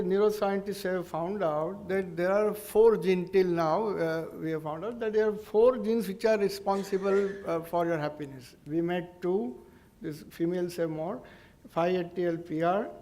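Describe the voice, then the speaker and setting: A man with an Indian English accent, giving an earnest, explanatory public lecture as a neurologist, pausing and restarting as he goes. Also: high voice, a little mellow.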